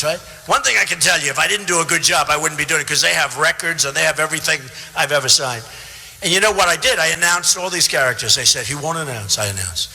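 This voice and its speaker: A man's voice: a little high, creaky, pushed and bright. Boastful older man at a rally, hall reverb. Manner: boastful, repetitive, conversational asides to the crowd. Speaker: political candidate at a rally. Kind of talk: rally speech. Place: large theater. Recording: long hall reverb from a theater PA.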